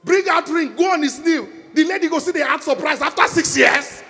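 A man with a Nigerian accent doing stand-up comedy on a concert stage, telling stories loudly in Pidgin and English. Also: extremely high pitch, a little fast, vocal fry, few pauses, some chatter behind. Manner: loud, animated storytelling in Nigerian Pidgin and English.

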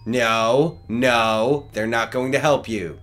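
A man's voice: medium pitch, expressive, moderate pace, sharp tone, faint music behind. A man co-hosting a gaming video, teasing his friend in casual banter. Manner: teasing, jokey. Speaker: let's play co-host.

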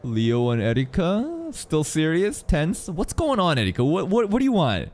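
A man reacting live to an anime episode in casual commentary, excitable and foul-mouthed, laughing often and talking back at the screen. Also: on the high side, normal speed, slight background noise.

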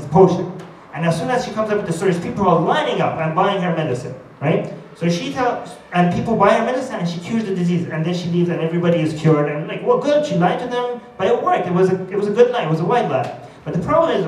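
Male conference speaker, argumentative and lively, high voice, echoey hall, faint hiss. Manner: animated, argumentative, acts out quoted voices. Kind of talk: conference talk. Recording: echoey hall, distant mic, faint noise.

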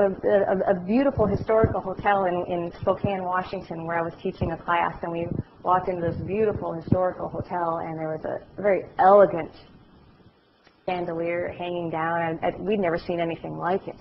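A middle-aged woman lecturing a class, with a lowish voice that jumps up when she acts out her stories. The recording sounds dull, with a faint hum of the room behind her. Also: a little fast. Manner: animated storytelling, acts out voices. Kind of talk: lively class lecture with anecdotes.

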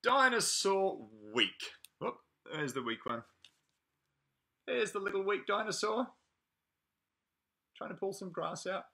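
A man leading a preschool playgroup, reading a picture book aloud to toddlers in an animated, sing-song way with drawn-out words. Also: high voice, creaky.

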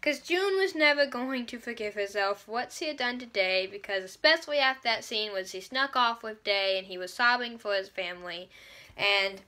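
A young woman with a high, bright voice chats through a book review in a casual vlog. She gushes dramatically and acts out her own reactions as she retells the story. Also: moderate pace.

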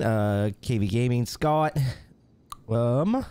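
Male streamer with a lowish voice, easygoing live-chat host who keeps chuckling. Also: lively intonation, normal speed, darkish tone. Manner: reads viewer names aloud, chuckles often. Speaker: livestream host.

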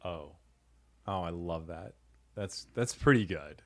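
A man hosting a casual comedy podcast, playful and quick to laugh as he riffs on jokes. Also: sits low. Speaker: podcast host.

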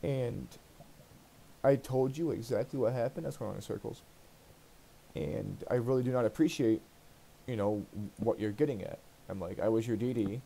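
A man's voice: mid-range voice, moderate pace, gravelly, mellow. A man hosting a let's play, telling a long personal story in a rambling, profane, aggrieved way while he plays. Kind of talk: casual storytelling while gaming.

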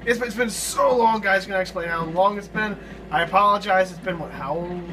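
A man hosting a co-op game playthrough, hyperactive, with loud outbursts and cursing, on a distant mic with loud noise. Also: high-pitched, fairly quick. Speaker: let's play host. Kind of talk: excitable gameplay commentary.

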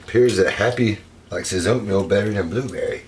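A man's voice: lowish voice, fairly quick. A man hosting a casual vlog, coaxing and fussing over his pet monkey in a doting way. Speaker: pet monkey owner and channel host. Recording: clear background noise.

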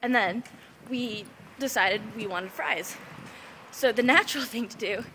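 A woman's voice: a little high, measured pace. A woman vlogging casually as she walks a downtown street, bubbly and playful, exclaiming often, recorded on a handheld camera. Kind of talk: casual vlog chat. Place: outdoors on a busy downtown street. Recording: noisy street with traffic.

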